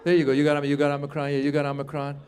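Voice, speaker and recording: A man in his fifties works a live comedy crowd with a high, lively voice. He acts out little scenes and bursts into shouts on the punchlines, with faint noise from the room behind him. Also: very fast. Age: 50s. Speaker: stand-up comedian. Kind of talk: stand-up comedy set with crowd work.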